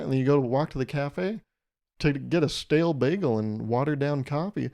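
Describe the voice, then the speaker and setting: A man's voice: a little high, animated, moderate pace, pauses often, dark tone. Brief: young male podcast host, solo comedic rant, crude and meandering, amused at his own jokes. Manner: rambling, crude, self-amused riffing. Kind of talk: casual comedic monologue.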